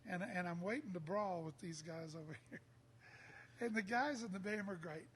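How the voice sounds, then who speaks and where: An older man with a drawl spins a rowdy tale, jumping into other voices as he goes. His voice sits fairly high for a man. A faint hiss of noise runs under it. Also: moderate pace. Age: 60s. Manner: lively storyteller acting out quotes. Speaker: songwriter guest. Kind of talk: casual storytelling.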